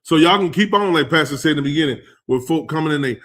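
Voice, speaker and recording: A man preaching a teaching sermon, conversational and emphatic, rising to loud stresses. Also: fairly high pitch, fast, few pauses.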